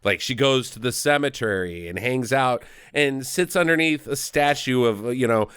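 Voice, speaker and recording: A man's voice: mid-range voice, normal speed, a bit bright, clean tone, no room sound. A man co-hosting a movie review podcast, chatting casually and rambling with fillers as he recaps the story. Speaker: podcast co-host.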